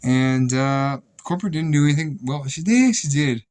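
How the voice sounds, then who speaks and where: A man's voice: fairly high pitch, expressive, normal speed, a little mellow. A young man casually telling rambling, profane stories about his old job, with many restarts. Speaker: vlogger. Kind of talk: casual storytelling.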